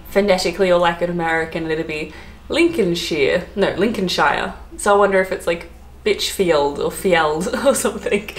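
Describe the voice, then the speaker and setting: A woman's voice: medium pitch, a little hiss or hum. A woman with an Australian accent chatting to camera as a travel vlogger, giggly and full of "like" fillers. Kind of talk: casual chat to camera. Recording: roomy echo.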